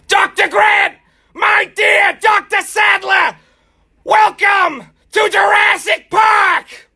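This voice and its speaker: A shrill, screeching shouter. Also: male voice, gravelly, full character voice. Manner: shouting, strained nasal screech. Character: shrill screeching comedian doing every movie part.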